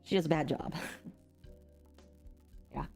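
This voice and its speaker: Young woman, podcast co-host, rambling casual chat, halting restarts, faint music underneath. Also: warm tone.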